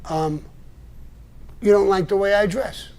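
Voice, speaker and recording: A man's voice: sits high, unhurried, darkish tone. An older man hosting a live show, answering a viewer's message in a blunt, profane, combative monologue. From New York. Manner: profane, combative and indignant, with short gruff laughs.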